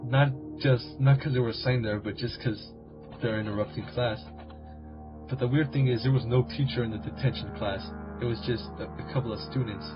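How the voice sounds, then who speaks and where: A man's voice: mid-range voice, fairly even intonation, fairly quick. A man hosting a comedic creepypasta reading, rambling, crude and self-mocking. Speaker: video host. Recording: dull lo-fi recording with music.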